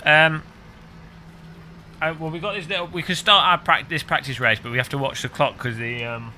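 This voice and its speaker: A British man chatting casually with viewers on a game stream, rambling and cracking deadpan, absurd jokes. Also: mid-range voice, brisk, slight background noise. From United Kingdom. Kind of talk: casual live-stream chat.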